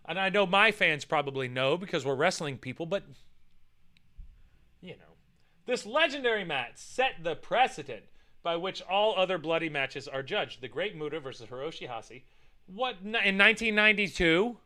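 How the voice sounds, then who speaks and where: A man rants at a list, cursing freely and breaking into mocking voices. His voice sits high and swings widely in pitch. The tone is very bright and smooth. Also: moderate pace. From United States. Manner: animated, swears a lot, mocks with put-on voices. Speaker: streamer reacting to a list and chat. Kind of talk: profane casual rant reading chat.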